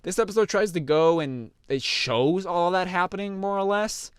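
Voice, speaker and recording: A man's voice: sits high, moderate pace, smooth, no echo, studio quality. A young man casually rambling through an anime review, full of fillers and restarts.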